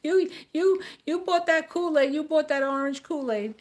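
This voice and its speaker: A woman's voice: high voice, moderate pace, darkish tone, pitched above the performer's own voice, close to an everyday voice. An American woman putting on the voice of a foreigner mocking Americans in a sing-song, cackling tone. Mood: gloating. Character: gloating foreign mockers, taunting, laughing.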